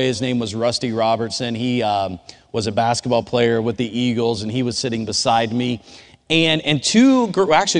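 Man, conversational sermon, storytelling, mid-pitched voice, long hall reverb. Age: adult. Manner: informal, storytelling, speaks directly to the audience. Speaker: chapel speaker.

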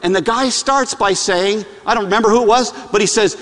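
High-voiced guy preaching a sermon, lively storyteller, long echo off the hall. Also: fairly quick, hardly any pauses. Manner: animated storytelling, repeats lines for emphasis.

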